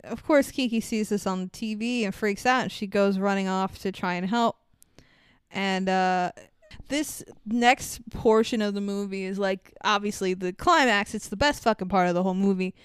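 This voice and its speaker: A young adult woman casually recapping a movie, animated and swearing, acting out scenes with sound effects. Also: medium pitch, normal speed, smooth, dry recording, clean studio sound. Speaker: podcast co-host.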